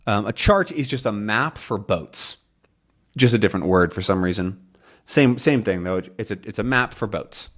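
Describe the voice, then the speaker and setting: A man's voice: lowish voice, lively intonation, normal speed. A young man teaching English, explaining a comic story in simple words with plenty of fillers.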